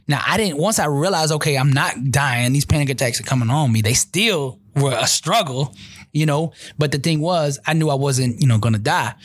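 Male motivational speaker, husky timbre, dry recording; animated, repetitive testimony delivery. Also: medium pitch, no room sound. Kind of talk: conversational storytelling testimony.

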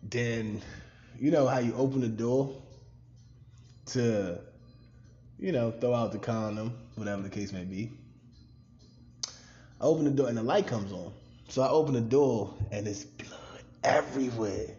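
Podcast storyteller: animated man from Maryland, swears freely, mid-range voice, muffled recording. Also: mid-range voice, measured pace, pauses often, soft background music. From Maryland, USA. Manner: animated, profane, laughs often. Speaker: podcast cast member. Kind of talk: casual storytelling.

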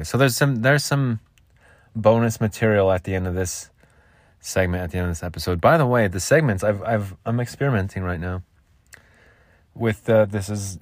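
A man rambles through a solo podcast in a goofy, jokey way. His voice sits on the low side, and the sound is dry and close, as if from a makeshift home vocal booth. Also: brisk, no echo. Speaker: podcast host.

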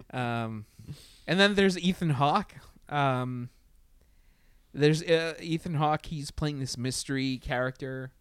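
A man's voice: a little high, slow pace, pauses often, clean tone, no echo. A man chatting casually about a TV show, hesitant, stumbling through restarts as he thinks aloud. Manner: hesitant, many restarts and fillers. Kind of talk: casual review chat.

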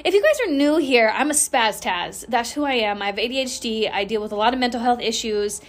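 Woman rambling on her own podcast, candid and bubbly, cusses a lot, voice kinda high. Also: animated, a little fast. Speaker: podcast host. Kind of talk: casual solo podcast chat.

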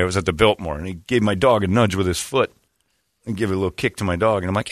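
A man from Indiana hosting a sports talk show, mocking and animated, slipping into put-on voices. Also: low-pitched, quick pace, dry recording, clean studio sound. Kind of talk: casual sports banter.

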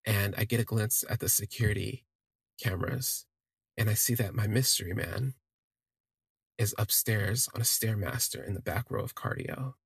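A man tells a personal story in a gravelly, husky voice, rambling and stopping to correct himself. The recording is close and dry, with no room sound. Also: on the low side, normal speed, dry recording. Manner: rambling, self-correcting, gushing. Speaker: podcast storyteller.

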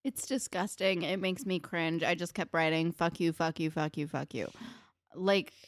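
A woman's voice: fairly low pitch, steady tone, moderate pace, no room sound. A young woman in casual chat who vents about a TV character, full of fillers and emphatic swearing. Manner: filler-heavy, profane, emphatic venting. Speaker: podcast co-host.

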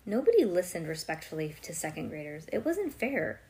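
A woman's voice: low-pitched, brisk. A young woman reading a children's book aloud, breaking off now and then to chat and joke with someone close by. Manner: lively, breaks off to chat and joke with a listener nearby. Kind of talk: reading a storybook aloud with asides.

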